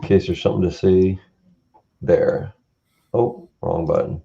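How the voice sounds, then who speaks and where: A man with a very low, dark voice chats casually on a live stream, relaxed and rambling as he laughs along. His audio comes through a little muffled and lo-fi. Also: unhurried, gravelly, pauses often. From Canada. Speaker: co-host. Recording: slightly dull lo-fi audio.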